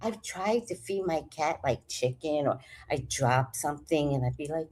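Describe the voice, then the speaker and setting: A woman's voice: low-pitched, animated, moderate pace, darkish tone. A woman chatting casually on a livestream, reading out comments with rambling, profane asides and jokes. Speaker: vlogger.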